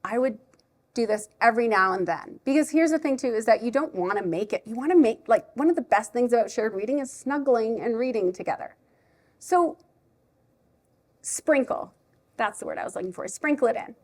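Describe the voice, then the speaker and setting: A woman who teaches preschool, giving a chatty, animated live talk to a parent audience at a library event. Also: fairly high pitch, brisk. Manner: chatty, animated, self-deprecating.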